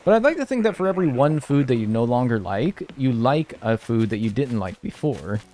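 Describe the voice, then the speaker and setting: A man's voice: mid-range voice, big pitch swings, a little fast, mellow. A young man chatting casually on a live stream, joking and reacting to chat in a laid-back way.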